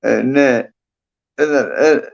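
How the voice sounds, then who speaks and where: A man's voice: medium pitch, drawn-out words, gravelly. Rambling sweary man. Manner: rambling, sweary, lots of "and that" and "you know". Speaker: livestream host. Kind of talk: casual chat. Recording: dull lo-fi livestream audio.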